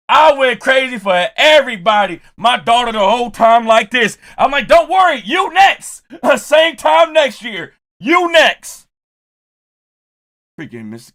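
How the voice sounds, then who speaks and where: A man chatting casually on a live stream, greeting viewers and telling a story in a loud, animated way. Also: sits high.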